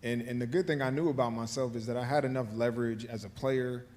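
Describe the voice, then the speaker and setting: A male guest author answering interview questions on stage. He speaks in a measured, reflective way and often checks in with the listener as he goes. His voice is a mid-pitched man's voice. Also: steady tone, darkish tone. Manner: measured, thoughtful, says "right?" and "you know" often. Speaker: guest author, former football player.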